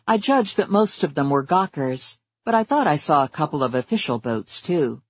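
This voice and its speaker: A man narrating a first-person story in a measured, wry way. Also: fairly high pitch, sing-song, husky, dry recording, highs cut off. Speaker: audiobook narrator.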